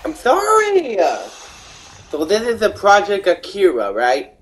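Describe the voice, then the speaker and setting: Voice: medium pitch, wildly swooping pitch, slow pace. A performer voicing a jumpy, cheeky boy who swears and panics easily, in a real-time game fandub. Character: cheeky young boy sneaking through a mall.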